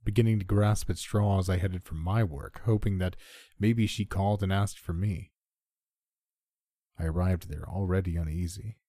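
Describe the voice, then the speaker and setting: A man reading a first-person horror story in a measured, subdued way. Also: sits low, steady tone, warm tone, dry recording, clean studio sound.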